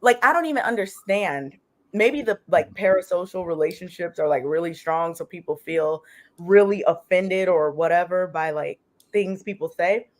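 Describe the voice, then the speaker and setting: A woman co-hosting a casual podcast chat, talking in an animated, questioning way and saying "like" often. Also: fairly low pitch, normal speed. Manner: animated, questioning, many likes. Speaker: co-host.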